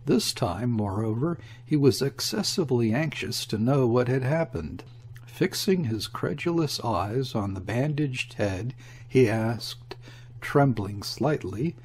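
A man narrating a classic story as an audiobook, in a measured, even way. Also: mid-range voice, slight background noise.

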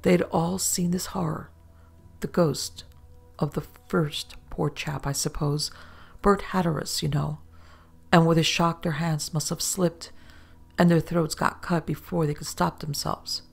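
Woman doing a calm dapper male storyteller, storybook, low gravelly tone. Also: measured pace, faint music behind, heavily acted.

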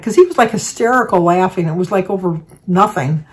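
A woman's voice: mid-range voice, quick pace. Chatty older woman telling family stories. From Michigan, United States. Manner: chatty, rambling with restarts. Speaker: vlogger. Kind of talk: casual storytelling.

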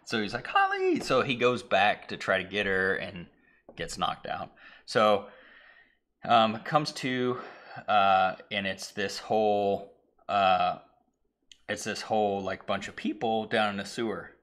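A low-pitched man with a bright, forceful edge to his voice, chatting casually as a stream co-host. He rambles through a story, stopping to act out the characters with yells and hushed whispers. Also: fairly even intonation, takes it slowly. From Irish heritage (family, not place). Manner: rambling, acts out lines with shouts and whispers. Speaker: podcast co-host. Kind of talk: casual chat retelling a movie.

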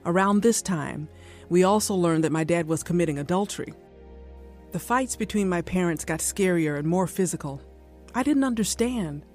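A woman's voice: fairly low pitch, expressive, normal speed, a little mellow, soft background music, close to an everyday voice. An actress playing a young woman who narrates her troubled teenage years in a radio drama.

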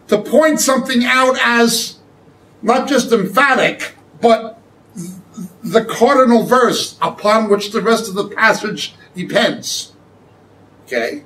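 Man teaching Scripture, high voice, slow and deliberate, checks in with "okay?", distant from the mic. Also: fairly bright tone. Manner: explains slowly, with frequent checking "okay?". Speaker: Bible teacher. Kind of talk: sermon-style Bible teaching. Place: church hall.

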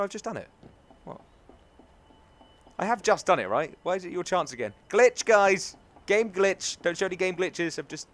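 A man's voice: on the high side, a bit bright. A young British man from England chatting casually and mocking himself as he plays through a video game. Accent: British English. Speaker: gaming YouTuber. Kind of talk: casual let's-play commentary. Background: game music.

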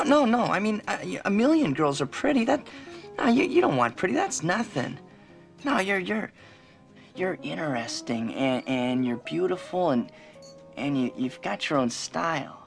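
A man's voice: a little high, very animated, unhurried, creaky, faint music behind, heavily acted. An actor playing an eager young songwriter husband who stammers and repeats himself as he coaxes and reassures. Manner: stammering, coaxing. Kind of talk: TV movie acting.

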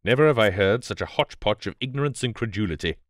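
A man's voice: fairly low pitch, animated, quick pace, no echo, studio quality, lightly acted. A man voicing an irascible older male scholar who blusters scornfully. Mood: indignant.

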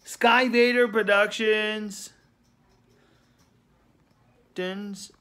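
A sleepy, yawning man giving a casual spoken announcement to his channel, halting with fillers and trailing off quietly. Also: high-pitched, steady tone. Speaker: channel host.

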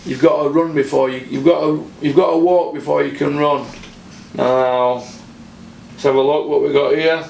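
A man's voice: on the high side, fairly even intonation, normal speed, creaky, darkish tone, echoey room, slight background noise. A man from South Yorkshire with its accent, hosting a boxing channel and ranting bluntly with heavy swearing, repeating points for emphasis. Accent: South Yorkshire English. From Doncaster, South Yorkshire, England. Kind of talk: solo boxing opinion rant.

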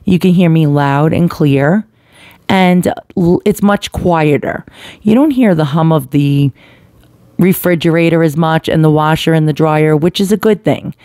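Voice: medium pitch, darkish tone, no room sound, studio quality. A product reviewer at home, talking casually and bluntly while testing a desktop condenser microphone at varying distances. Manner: chatty, blunt, swears casually. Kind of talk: casual microphone test demo. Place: at home near household appliances. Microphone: desktop USB condenser mic, distance changing.

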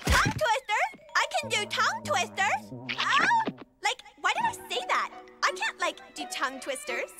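Brief: young ditzy saleswoman, very high and lively, valley-girl speech. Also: normal speed, loud music behind the voice, heavily acted. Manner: valley-girl talk, constant "like". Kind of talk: cartoon voice acting.

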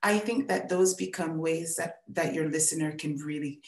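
A woman teacher gives a student gentle feedback on her storytelling, encouraging and full of restarts. Her voice sits fairly low. The room around her echoes. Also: normal speed. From born in England, raised in the United States. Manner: warm, encouraging, repeats words. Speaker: writing workshop teacher.

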